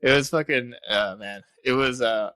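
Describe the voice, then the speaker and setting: A young man chatting casually as a podcast co-host. His voice is bright and forward with a dry, close sound. He recaps movie scenes animatedly, swearing often and laughing as he goes. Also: medium pitch, moderate pace, smooth, dry recording. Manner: animated retelling, heavy swearing, frequent laughter. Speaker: podcast co-host, film reviewer. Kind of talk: casual chat.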